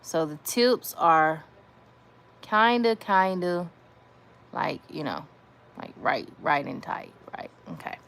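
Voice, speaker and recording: A woman's voice: fairly low pitch, sing-song, takes it slowly, long pauses, a bit bright. A woman giving a casual nail art tutorial, chatty, repeating her phrases and talking to viewers as y'all. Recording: faint background noise.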